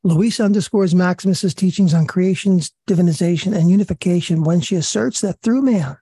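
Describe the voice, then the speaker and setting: A man with a raspy voice leading a religious study session, reading passages and commenting earnestly with fillers and repeated words. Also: high-pitched, fairly quick, dark tone, dry recording. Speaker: study group leader.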